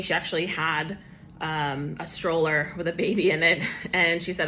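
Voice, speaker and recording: Woman sharing a casual faith testimony; bright tone, relaxed and chatty delivery. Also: low-pitched, moderate pace, a little hiss or hum. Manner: casual, chatty with many fillers and laughs. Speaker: church member giving a devotional. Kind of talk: personal testimony devotional.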